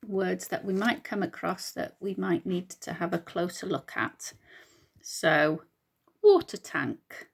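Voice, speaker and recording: Female teacher reading a storybook to young pupils: husky, clear and encouraging, asks the kids questions. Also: medium pitch. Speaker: primary school teacher. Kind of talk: recorded reading lesson for children.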